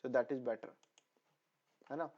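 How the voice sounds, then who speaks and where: A man teaching a pediatrics lesson, repeating terms over and over for memorization, his voice a little hoarse. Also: mid-range voice, fairly even intonation, fast talker. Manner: repetitive, drilling terms for memorization. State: voice slightly hoarse. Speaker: nursing exam tutor. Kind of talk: online lecture. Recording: dull lo-fi sound.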